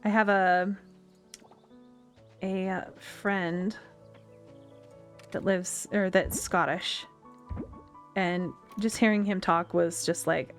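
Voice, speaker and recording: A woman's voice: mid-range voice, fairly even intonation, takes it slowly, long pauses. A woman from the United States with a Western twang, chatting and rambling through stories while she streams a game. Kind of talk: casual chat while playing a game. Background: faint game music.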